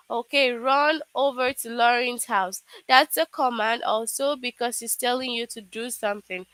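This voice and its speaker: Slow, bright-voiced woman teacher. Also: fairly high pitch, no room sound, poor audio. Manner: patient, explains step by step with frequent "okay". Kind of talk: live online English lesson for children.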